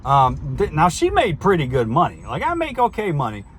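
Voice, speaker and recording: A man's voice: on the high side, wildly swooping pitch, normal speed, slight background noise. Rambling middle-aged man in his vehicle. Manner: rambling, defensive, restarts often. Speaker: vlogger, trucker. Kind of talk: casual talk to camera. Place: inside a vehicle.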